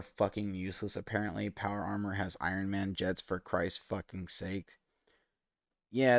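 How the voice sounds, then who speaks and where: Deep-voiced man ranting profanely. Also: no echo, muffled recording. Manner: profane, exasperated ranting that spikes loud and high. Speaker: gaming streamer. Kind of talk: ranting commentary while gaming.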